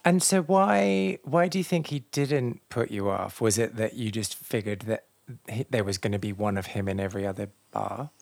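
A woman's voice: very deep voice, normal speed, gravelly, a little mellow. A woman interviewing a guest in a casual chat, asking short, curious questions.

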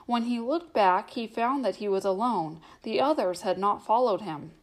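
A woman reading a novel aloud as the narrator, in a steady, measured storytelling manner. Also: mid-range voice. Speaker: audiobook narrator.

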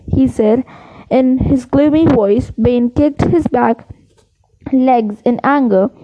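A woman reading a novel aloud in an unhurried way, with small slips and restarts. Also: a little high, warm tone, lo-fi sound. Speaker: reader.

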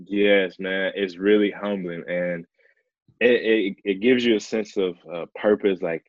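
A young man, a professional baseball player, telling a personal story in a relaxed, earnest way, leaning on "like" and "man" as he talks. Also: sits low, measured pace, no room sound, muffled recording. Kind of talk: casual storytelling in conversation.

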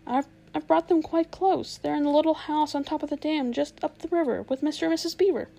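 A woman's voice: sits high, a little fast, gravelly, mellow. A woman voicing a frightened boy who stammers and trembles as he pleads, in a storybook reading. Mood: pleading.

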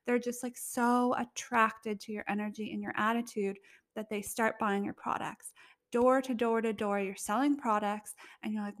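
A chatty young woman talks through her podcast in a relaxed, rambling way. Her voice sits a little high for a woman. She peppers her sentences with "like" and light laughs. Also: normal speed. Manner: chatty, heavy use of "like", laughs often. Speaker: podcast host. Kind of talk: casual solo podcast chat.

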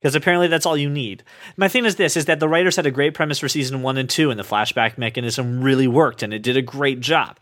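A man hosting a podcast, talking in a casual, animated way and swearing freely as he rants. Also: mid-range voice, fast. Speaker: podcast host.

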